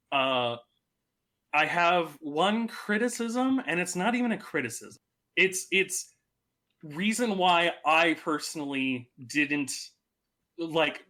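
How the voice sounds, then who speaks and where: A man's voice: fairly high pitch, sharp tone. A man co-hosting a podcast, chatting casually and rambling with many fillers. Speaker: podcast co-host. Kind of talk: casual chat.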